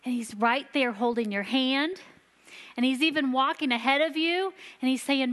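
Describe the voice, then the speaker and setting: A woman giving a sermon to a church, telling stories earnestly and slowing down for emphasis. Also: sits high, fairly bright tone. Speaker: church children's ministry leader. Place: church sanctuary. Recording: long reverb of a large hall.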